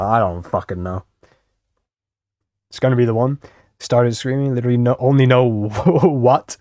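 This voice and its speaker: Commenting on videos, this young man rambles and swears freely, often at his own expense. His mid-range voice has a warm tone, and the recording is dry and studio quality.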